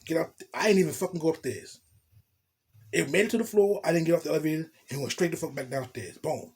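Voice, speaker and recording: Raspy, slightly high-voiced man; blunt, profane, animated street storyteller. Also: quick pace. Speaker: storytelling vlogger. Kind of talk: casual storytime monologue.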